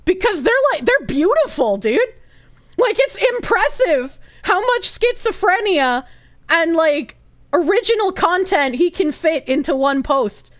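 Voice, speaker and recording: A high-pitched woman streaming live, chatting casually with her viewers and reading their comments out loud. She swoops all over her range, breaks into giggles and swears freely. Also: measured pace. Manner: animated, giggly, swears freely, reads chat aloud.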